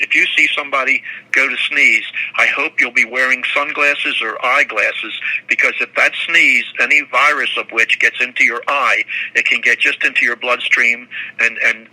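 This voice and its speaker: A man's voice: medium pitch, bright, forceful tone, poor audio. An older man speaking as an interview guest, talking in long rambling answers that halt, repeat words and restart often.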